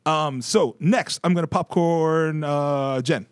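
A man's voice: fairly high pitch, clear, resonant tone, no room sound. Young man, podcast host, casual chat, laughing often, dry close sound. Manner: laughing, quick, reading news items.

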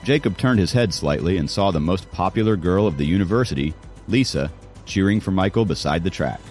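A man's voice: low voice, lively intonation, brisk, darkish tone, faint music behind. A man narrating an audiobook in a dramatic storytelling manner. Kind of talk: scripted narration.

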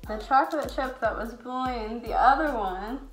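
A woman's voice: on the high side, moderate pace, close to an everyday voice. A woman playing a playful, cheeky teenage boy with a masked face in a cosplay skit, recorded in a home kitchen. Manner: giggly and cheeky. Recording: echoey kitchen with background music.

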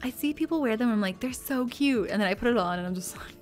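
A woman's voice: medium pitch, lively intonation, very fast, faint music behind. A woman streaming live, chatting casually and laughing often while she plays a life-sim game.

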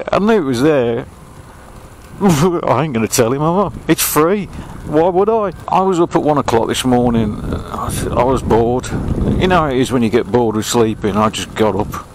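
A man's voice: medium pitch, a little hiss or hum, poor audio. An English man chatting as he rides along an old railway path, grumbling and joking at himself. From England. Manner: chatty, grumbling, self-mocking. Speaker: vlogger. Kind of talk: casual running commentary while riding.

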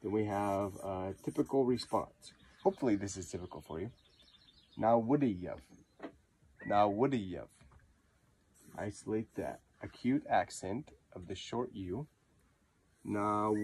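A man giving a patient pronunciation lesson, repeating words slowly to model how they sound. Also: on the low side, a little mellow, slight background noise. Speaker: language teacher.

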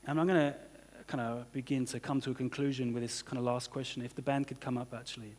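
Speaking fast with a steady tone, a pastor preaches in a mid-range, slightly mellow voice. His sermon rambles conversationally through "you know" and "kind of," and the church hall lends reverb to the sound.

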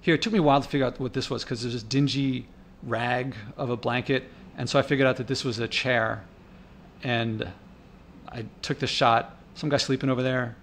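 A man's voice: mid-range voice, steady tone, fairly quick, a bit bright, a little hiss or hum. A man talking over his own footage in an indignant, rambling way, thinking aloud with restarts and getting worked up. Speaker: vlogger. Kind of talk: casual narrated commentary over park footage.

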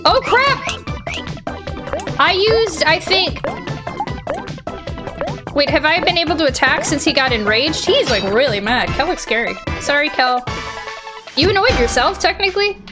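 A woman hosting a let's play, thinking aloud in a chatty, unsure way and often yelling out in excitement. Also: high voice, moderate pace, long pauses. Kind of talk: gaming commentary. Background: game music.

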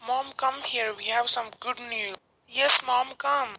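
A woman who runs a channel voices the office workers in her homemade cartoon, reading lines plainly with short replies. Her voice is on the high side, steady, a little slow, pushed and bright. The audio is poor, with a bit of hiss or hum.

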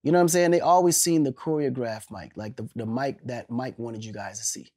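A man in his forties, an interview guest telling animated stories, laughing and swearing casually. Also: medium pitch, brisk.

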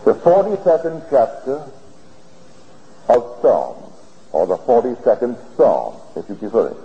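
A man giving a spiritual lecture, telling his story in an earnest, deliberate way, heard on an old archival tape. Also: mid-range voice. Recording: old archival lecture tape, dull and hissy, in a reverberant hall.

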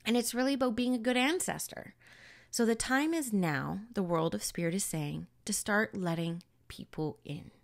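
A woman's voice: mid-range voice, moderate pace, creaky. A woman medium giving an earnest, emphatic spiritual teaching in a conversational way, sometimes swearing for emphasis. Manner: casual, occasional swearing for emphasis.

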